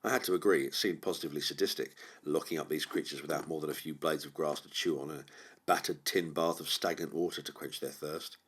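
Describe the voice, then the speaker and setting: A man narrating a horror audiobook in a measured, brooding way. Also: very deep voice, fairly even intonation, a bit bright, breathy edge. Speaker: audiobook reader.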